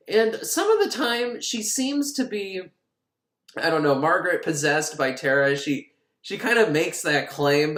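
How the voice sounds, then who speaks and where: A man recaps a film in a loose, joking way, dropping in swears and frequent laughs. His voice sits a bit high and swings widely up and down as he talks. The sound bounces around an echoey room. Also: a bit bright. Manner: joking, profane, laughs often. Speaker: film podcast host. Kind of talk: casual comedic film recap.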